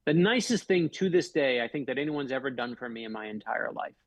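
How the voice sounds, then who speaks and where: A man's voice: medium pitch, expressive, fairly quick, dry recording. A middle-aged man from Florida, an author guest telling stories in a radio interview with heartfelt, emphatic delivery. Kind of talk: earnest storytelling in a radio interview.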